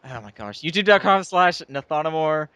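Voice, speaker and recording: Male podcast host, slightly high voice, giggly and stammering, casual chat. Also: animated, moderate pace, sharp tone, smooth, no room sound, lo-fi sound. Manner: laughs often, stammering restarts.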